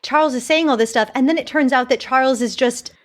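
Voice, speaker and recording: High-voiced, animated woman podcaster. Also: fast. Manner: animated, teasing, laughs often. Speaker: podcast co-host. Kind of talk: casual TV review chat.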